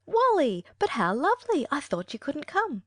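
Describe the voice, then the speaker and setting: A woman's voice: sits high, huge pitch swings, normal speed, dry recording, studio quality. A woman voicing an eager, cheerful young girl in a full-cast audiobook reading. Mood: overjoyed. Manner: bubbly, eager.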